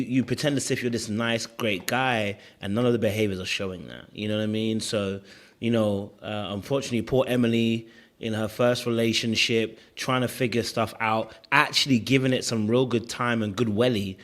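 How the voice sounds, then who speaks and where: A man's voice: lowish voice, steady tone, normal speed, fairly bright tone. A man commenting at length on a reality show, reflective and often checking in with "you know what I mean". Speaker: panel co-host. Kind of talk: casual commentary chat.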